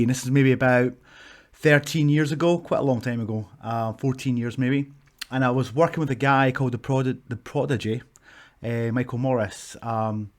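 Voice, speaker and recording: A Scottish man, a pro wrestler in his thirties, casually telling stories to camera, animated and swearing freely. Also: medium pitch. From Scotland. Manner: animated, swears freely, acts out shouts from the ring.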